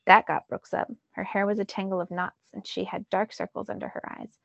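A woman teacher reading a novel aloud in first-person narration, with lively emphasis. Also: mid-range voice, fairly quick, gravelly, no room sound, dull audio.

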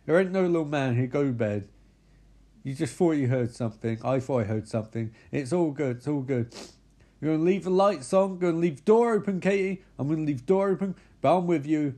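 A man's voice: on the high side, expressive, brisk, mellow. A man doing a brash, cocky boyfriend. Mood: swaggering. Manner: swaggering, crude bravado.

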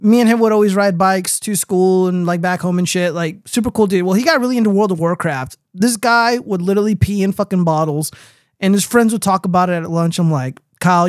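A young man with a high, bright-sounding voice hosts a loose livestream chat, swearing constantly and wandering off into tangents. He reads viewer comments aloud and riffs on them. The sound is dry and close, with no room around it. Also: no room sound. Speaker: stream host.

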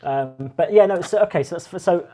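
A young woman in casual chat over a video call, jokey, with quick asides. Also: fairly low pitch, mellow, husky. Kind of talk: casual chat, interviewing a friend.

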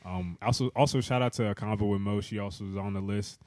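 A young man co-hosting a podcast, giving relaxed shout-outs in casual chat. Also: lowish voice, quick pace, dry recording. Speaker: podcast co-host.

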